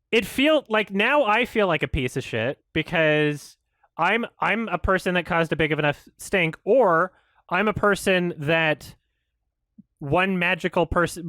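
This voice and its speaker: A man's voice: fairly high pitch, fairly bright tone, no echo, studio quality. A man who hosts an online commentary show, ranting in frustration, swearing and talking in bursts. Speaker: YouTube commentator.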